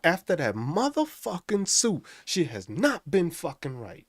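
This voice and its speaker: A male live stream host rants with constant profanity, and his pitch swings widely as he gets worked up. His voice sits a bit high, and it sounds dry and close to the mic. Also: a little slow, no echo. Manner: profane, animated ranting. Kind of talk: casual live stream rant.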